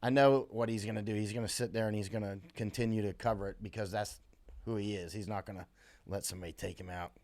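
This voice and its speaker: A man's voice: lowish voice, fairly even intonation, quick pace, darkish tone. American man rambling on a live stream. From USA. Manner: rambling, with many fillers and restarts, reads comments aloud. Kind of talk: casual live-stream chat reading viewer comments.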